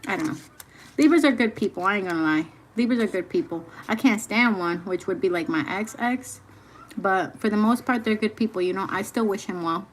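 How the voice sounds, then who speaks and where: A woman's voice: mid-range voice, fairly quick, slight background noise. A young woman hosting a casual chat, telling candid stories in slangy, swearing speech. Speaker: host.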